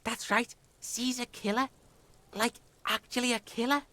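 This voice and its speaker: A woman's voice: fairly high pitch, fairly even intonation, measured pace, pushed and bright, dry recording. A woman voicing a swaggering, crude young boy in a video game who talks about himself in the third person. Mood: cocky. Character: foul-mouthed, cocky young boy.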